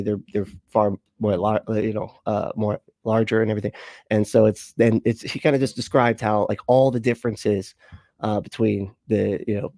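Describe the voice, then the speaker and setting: A man's voice: fairly low pitch, mellow, dry recording. A man hosting a casual livestream, rambling with viewers, swearing freely and laughing often. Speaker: livestream host.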